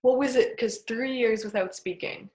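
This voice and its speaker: A woman's voice: on the high side, normal speed, darkish tone. A woman hosting a casual interview, who talks conversationally and asks short follow-up questions. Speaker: host. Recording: roomy echo.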